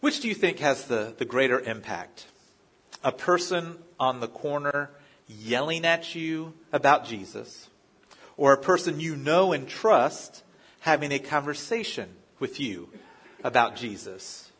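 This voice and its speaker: A male pastor preaching a sermon with a slightly husky voice. He speaks in a conversational style, telling personal stories. He often restarts his phrases as he goes. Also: mid-range voice, expressive, a little slow, fairly bright tone. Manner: conversational, story-driven preaching with frequent restarts.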